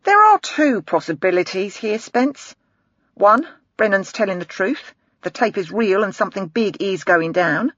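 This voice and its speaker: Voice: medium pitch, animated, measured pace, fairly bright tone, no echo, lo-fi sound, pitched above the performer's own voice. A narrator voicing a brash middle-aged male detective who talks in a blunt, sarcastic way and swears freely. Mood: lecturing.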